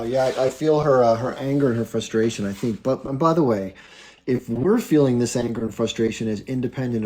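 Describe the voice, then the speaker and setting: A man hosting a live stream, talking in an earnest, reflective way and laying out his argument calmly. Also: medium pitch, low-quality recording. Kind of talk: casual live-stream talk.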